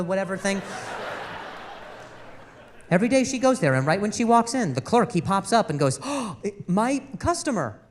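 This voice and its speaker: A male stand-up comedian tells an exasperated domestic story from a club stage into a handheld mic. His voice sits a bit high, and he stammers through repeated words. A faint hum of room noise sits under him. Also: big-room sound.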